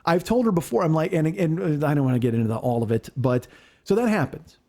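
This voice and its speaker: A middle-aged man with a slightly higher voice, spinning a long story in a relaxed, unscripted way. He swears freely and slips into the voices of the people he quotes, keeping the telling animated. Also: fast. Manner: animated, profane, acts out quotes. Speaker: comedian podcast host. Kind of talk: casual storytelling.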